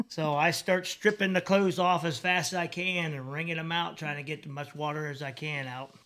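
A man's voice: fairly high pitch, fairly even intonation, moderate pace, a bit bright. A man telling a story in a plainspoken, casual way, laughing at his own mishaps.

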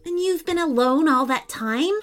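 Woman playing a soft-hearted mermaid boy. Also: normal speed, faint music behind. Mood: wondering. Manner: high, wondering, exclaiming.

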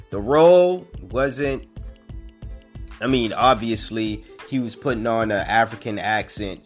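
A man's voice: medium pitch, a bit bright. A young man hosting a podcast alone, giving casual, opinionated commentary that rambles with fillers and restarts. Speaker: podcast host.

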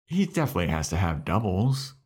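A man's voice: sits low, brisk, slightly rough. A man co-hosting a podcast, recapping an episode in casual chat and acting out scenes. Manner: animated storyteller, acts out scenes. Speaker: podcast co-host.

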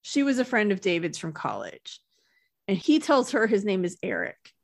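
A woman's voice: mid-range voice, wildly swooping pitch, normal speed, creaky, no room sound, studio quality. A woman co-hosting a podcast, casually retelling a TV episode and often laughing. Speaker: podcast co-host recapping a TV episode. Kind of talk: casual chat.

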